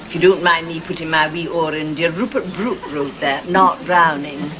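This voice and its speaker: An actress playing a nosy, snobbish Scottish society busybody with an Edinburgh accent, tart and correcting in a 1980s TV sitcom. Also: female voice, low-pitched, steady tone, normal speed, natural voice. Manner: tart, correcting, sharp-tongued. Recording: noisy old TV recording with audience.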